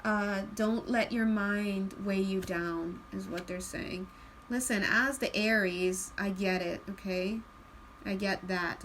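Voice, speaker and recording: A woman giving a casual spiritual card reading, chatty and laughing often, slowing into a calm tone at times. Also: mid-range voice, a little hiss or hum, rough recording. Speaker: tarot card reader.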